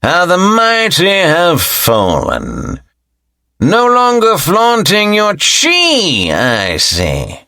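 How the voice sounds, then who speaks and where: A man's voice: high voice, huge pitch swings, pushed and bright, no room sound, clean studio sound, pitched above the performer's own voice, heavily acted. A man doing a sneering arrogant old elder. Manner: slow mocking sneer.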